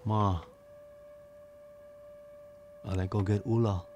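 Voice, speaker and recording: A man's voice: lowish voice, steady tone, very slow, a little mellow, dull audio, a little hiss or hum. A man voicing a stubborn, determined Hawaiian boy who speaks Hawaiian Pidgin. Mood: insistent. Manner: insistent, nagging.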